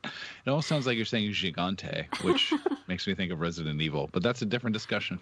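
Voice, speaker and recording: Deep-voiced man with wry asides. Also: lively intonation, a little fast, fairly bright tone, no room sound. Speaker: podcast co-host. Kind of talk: casual chat.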